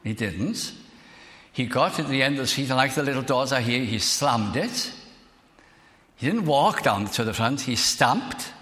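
An older man with a Welsh accent, preaching a sermon and telling a personal story, earnest and slowing down to stress key words. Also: medium pitch, animated, fairly bright tone. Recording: echoey church hall.

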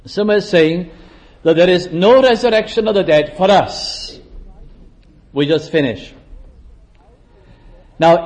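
A man preaching a sermon in a measured way, slowing down to stress scripture and sometimes clearing his throat. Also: high voice, a little mellow. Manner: occasional throat clearing and restarts. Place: church service.

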